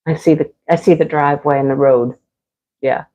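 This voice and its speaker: Woman, middle-aged, chatty and giggly, low voice, muffled livestream audio. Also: steady tone, normal speed, mellow. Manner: chatty, laughs often, talks to viewers. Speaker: livestream crafter. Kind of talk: casual chat while diamond painting.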